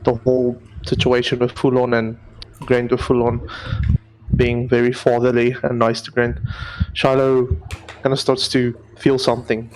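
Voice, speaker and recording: A man role-plays his character in a measured, steady voice. His pitch barely moves, and faint room ambience sits behind him. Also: a little hiss or hum, low-quality recording. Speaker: player. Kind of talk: tabletop role-play.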